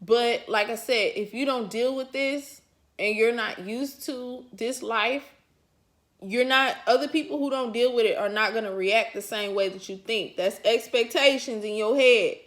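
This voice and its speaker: A woman's voice: on the high side, a little slow, fairly bright tone. A woman vlogger telling a personal story to her viewers in casual, colloquial chat, chuckling often as she talks. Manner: talks straight to the audience.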